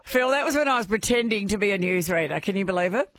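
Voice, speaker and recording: A woman hosting a radio quiz, bubbly and quick to laugh. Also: medium pitch, expressive, crowd noise. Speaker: radio host.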